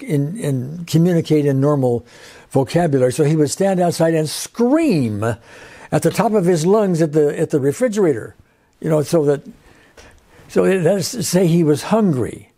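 A man's voice: fairly high pitch, dark tone. A man, older, hosting and explaining in a casual way, rambling with restarts and fillers. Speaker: host.

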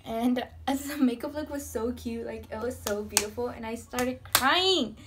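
A young beauty vlogger does her makeup while chatting candidly and rambling in a casual get-ready-with-me video. Her voice is fairly high and unhurried, with music and a noisy background.

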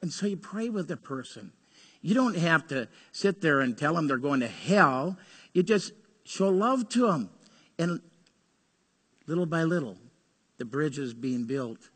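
A male pastor preaching a sermon, telling stories earnestly, rising to urgency and dropping to hushed tones. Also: on the high side, lively intonation, measured pace, pauses often, breathy edge. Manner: earnest storytelling, swings between urgent and hushed. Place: church sanctuary. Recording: long hall reverb.

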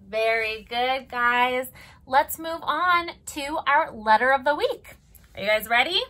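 A young woman leading a preschool story time as a librarian, animated and sing-song, gasping in mock surprise. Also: sits high, slow. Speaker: children's librarian.

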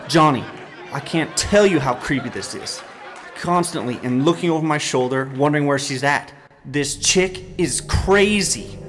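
A man's voice: fairly high pitch, background noise, close to an everyday voice. A young man playing a jumpy, exasperated stalked guy. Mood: uneasy. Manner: jumpy, exasperated, dude-speak. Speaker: talk show guest. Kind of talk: sketch comedy acting.

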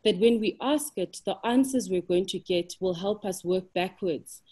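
A South African woman makes her case on a webinar panel with real conviction. She talks at an ordinary, mid-range pitch and asks pointed rhetorical questions to drive each point home. She sounds as if she is on a video call. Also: moderate pace, darkish tone, slightly rough. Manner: impassioned, emphatic, builds arguments with rhetorical questions. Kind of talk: webinar discussion.

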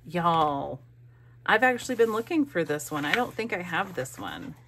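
A woman's voice: medium pitch, big pitch swings, brisk, noisy background. A woman craft vlogger opening mail, who gushes, gasps and thinks aloud as she goes. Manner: gushing, gasping, thinking aloud. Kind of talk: casual unboxing chat.

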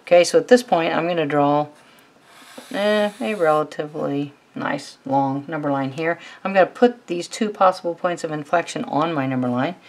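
A woman with a low voice teaching a calculus lesson on video. She works through each step in a relaxed, conversational way, thinking aloud as she writes. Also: moderate pace. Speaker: math teacher. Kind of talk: recorded math lecture.

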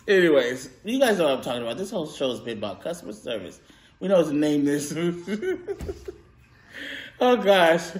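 A woman vlogger from California telling a story to camera while eating, animated and laughing often as she quotes herself. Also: low-pitched, normal speed, pauses often, slight background noise. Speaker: mukbang vlogger.

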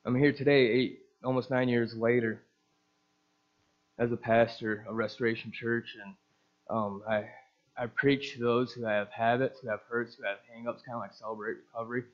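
A man's voice: medium pitch, level tone, normal speed, highs cut off. A male pastor giving an earnest testimony sermon, telling his story and acting out the voices of the people in it.

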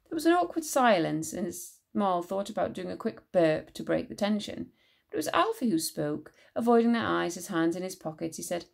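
Gravelly-voiced woman reading a children's book. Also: medium pitch, a little fast. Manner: expressive storytelling narration. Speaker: teacher reading aloud. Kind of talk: children's book read-aloud.

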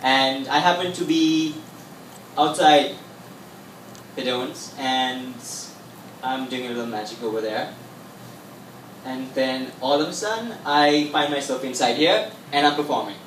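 A man's voice: mid-range voice, measured pace, pauses often, a bit bright, slight background noise. A young man in his twenties from Sri Lanka with a Sri Lankan accent, a magician chatting with a comedy club crowd in a showman-like way. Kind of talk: stand-up stage patter. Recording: echoey room, mic far off.

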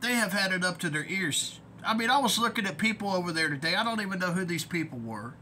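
A man's voice: high-pitched, expressive, fast, bright, forceful tone, slight background noise. A man ranting in a vlog as an online commentator, profane, rambling and heated.

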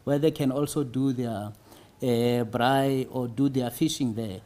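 A man, a city tourism official answering interview questions in a halting way, often pausing on fillers. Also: mid-range voice, steady tone, warm tone. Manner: halting, frequent "you see" fillers.

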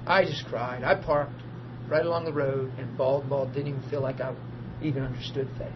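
Speaking briskly at a medium pitch, a man preaches informally to a small group in a meeting room, telling testimony stories with animation, frequent laughter, and acted-out voices for the people involved. The recording is a dull lo-fi archive with faint hiss.

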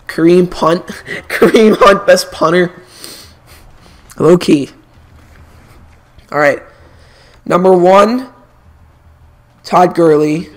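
Extremely slow and pausing often, a young man with a high voice streams a video game. His casual chatter turns to sports, where he gets animated and opinionated.

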